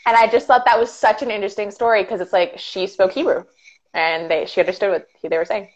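A woman's voice: medium pitch, steady tone, quick pace, lo-fi sound. Jokey woman in her late twenties. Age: late 20s. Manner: playful, jokey. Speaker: guest. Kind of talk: casual chat.

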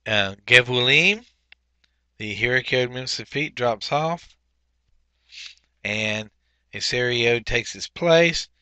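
A man walks through a grammar workbook as a teacher, talking slowly and methodically with frequent pauses. His voice has a bright, forward edge, and the recording is dry with no room sound. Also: medium pitch, smooth, no echo. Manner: methodical, pauses often with fillers while explaining. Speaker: Biblical Hebrew teacher. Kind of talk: recorded workbook walkthrough lesson.

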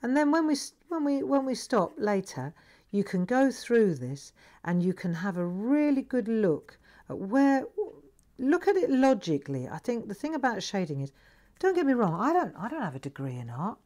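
A middle-aged woman hosting a live craft lesson, chatting gently and coaxing viewers to relax as she demonstrates. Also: fairly high pitch, sing-song, normal speed.

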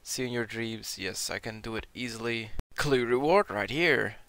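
A young man who is sick, commenting casually over his gameplay, reading out loot drops and swearing when he gets excited. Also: mid-range voice, moderate pace, no echo. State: sick, sounding a bit off. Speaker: gaming video creator.

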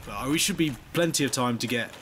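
A man's voice: mid-range voice, fast talker, a bit bright, slight background noise. Wry male streamer in casual co-op chat.

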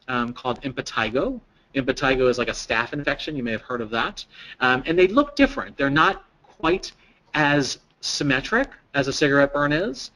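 Male trainer, slightly high pitch, interactive lecture style, draws answers from the room. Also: fairly bright tone, poor audio. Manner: engaging, questions the audience and repeats their answers. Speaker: presenter at a staff training. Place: training room with a live audience.

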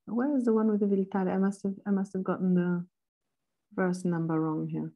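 A woman with a mellow, darker tone leads a philosophy seminar. She lectures thoughtfully, stopping now and then to hunt for a verse, and slows down to read passages with care. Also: mid-range voice, steady tone. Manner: thoughtful, pauses to look up verse numbers; reads quoted passages slowly and deliberately. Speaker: seminar instructor.

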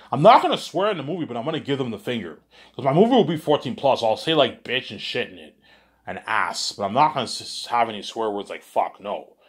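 A man's voice: deep voice, breathy edge. A man telling a rambling story, stumbling over repeated words and swearing freely. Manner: repeats words and keeps saying "you know what I'm saying". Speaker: vlogger pitching a movie idea.

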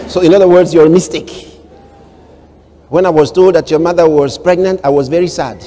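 A man preaching a sermon as pastor, swinging between hushed storytelling and loud proclamations and acting out quoted voices. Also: a little high, fairly even intonation, fairly quick, big-room sound, background noise.

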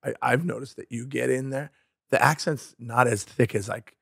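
A man's voice: mid-range voice, moderate pace, gravelly, fairly bright tone, husky, no echo. Podcast co-host, American man, self-deprecating and meandering, dry studio sound. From United States. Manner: rambling, self-deprecating, searches for words. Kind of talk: casual chat.

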